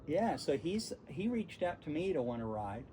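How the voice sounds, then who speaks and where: A man in his sixties, hosting and telling rambling, animated stories in casual conversation. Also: a little high, moderate pace, slight background noise, poor audio. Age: 60s. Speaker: host. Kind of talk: casual storytelling interview.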